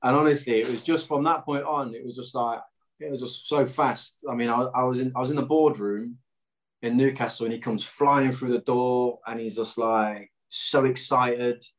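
A man at an everyday middle pitch spins an animated story from his playing days. He talks casually and doubles back on himself. He fills the telling with "um"s and acted-out lines from other people. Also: normal speed. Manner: animated anecdote-telling with quoted dialogue and frequent fillers. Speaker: former footballer guest.

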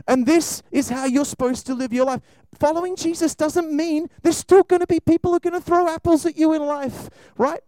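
A man preaching an animated sermon to children and a congregation, acting out voices as he goes. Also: very high-pitched, moderate pace, no echo, low-quality recording. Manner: animated, acts out voices, shifts between loud and soft.

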